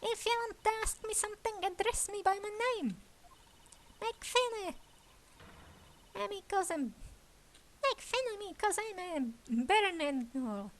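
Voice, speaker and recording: A boastful, childish young tower guard, put on by a woman, blusters in a high, bouncing voice. He is prickly and quick to take offence when his long name is mangled. A game character read aloud. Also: sing-song, a little hiss or hum, exaggerated voice. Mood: indignant.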